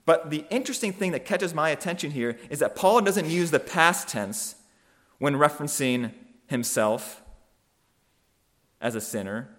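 A man preaching a sermon, thoughtful and measured, often restarting phrases and slowing down for emphasis. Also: fairly high pitch, animated, a bit bright.

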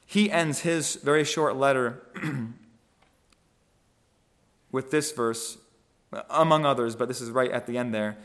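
A man giving a conversational sermon on a scripture passage, thoughtful and halting, often restarting phrases and checking in with "right?". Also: mid-range voice, a bit bright. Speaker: preacher.

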